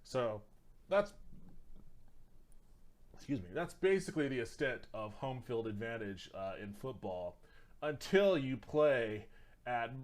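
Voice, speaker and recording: A man's voice: mid-range voice, lively intonation, slow, long pauses. A man streaming, reacting to videos in a loose, rambling casual chat that includes some swearing.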